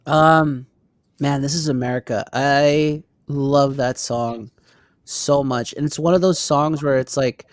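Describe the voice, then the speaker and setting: Animated man, dry close sound. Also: mid-range voice, takes it slowly, no room sound. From Texas. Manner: animated, swears, laughs often. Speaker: podcast co-host. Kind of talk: casual chat.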